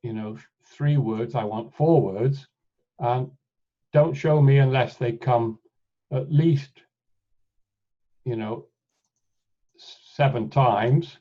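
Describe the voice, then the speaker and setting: A man leads an online lecture, walking listeners through a software demo in an unhurried, measured way. He thinks aloud and often breaks off to restart a phrase. His voice sits at an ordinary pitch and comes through a computer mic as dull, lo-fi call audio. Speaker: webinar presenter. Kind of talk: live software demonstration lecture. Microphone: computer mic on a video call.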